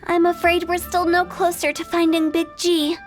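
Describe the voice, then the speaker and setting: A woman's voice: extremely high pitch, flat delivery, unhurried. A woman voicing a playful, mischievous young funeral director with cheeky sales patter, over game music. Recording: game soundtrack playing under voice.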